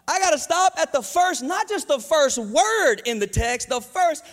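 High-voiced energetic preacher in a reverberant hall. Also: male voice, moderate pace, hardly any pauses. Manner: energetic, call-and-response preaching with southern slang. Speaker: pastor. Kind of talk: sermon. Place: church sanctuary. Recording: live church hall with long reverb.

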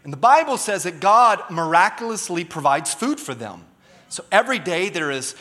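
A man's voice: high-pitched, big pitch swings, normal speed, bright, forceful tone. A man preaching a sermon as pastor, emphatic and calling on the congregation to respond. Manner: emphatic, calls for audience response. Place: church auditorium. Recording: long reverb of a large hall.

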